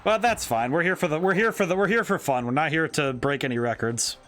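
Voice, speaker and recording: A man's voice: on the high side, fast talker, faint music behind. A man commentating his game stream casually, joking and chatting with viewers. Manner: excitable, jokey, chats with viewers.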